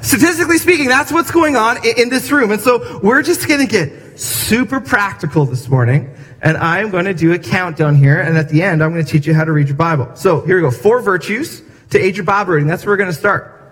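Man, pastor, sermon, very high voice, conversational, acts out voices, long church reverb. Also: expressive, brisk, a bit bright, breathy edge. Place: church sanctuary.

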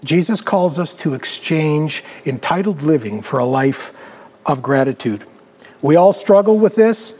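A man preaching a storytelling sermon, dramatic, dropping his voice low for emphasis. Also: lively intonation, a little slow, slightly rough, in a large hall. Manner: dramatic, varies pitch and loudness, drops low for emphasis. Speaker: pastor.

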